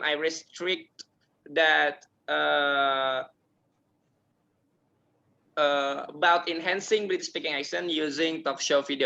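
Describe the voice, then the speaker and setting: A young man from Indonesia, giving a formal thesis defense presentation in a hesitant, halting way full of filler sounds. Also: a little high, vocal fry, sharp tone. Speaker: university student defending a thesis. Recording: dull lo-fi sound.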